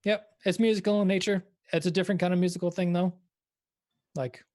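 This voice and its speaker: Guy player rambling on with lots of ums, kinda higher voice. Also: steady tone, brisk, a little mellow. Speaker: player and composer. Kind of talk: casual chat.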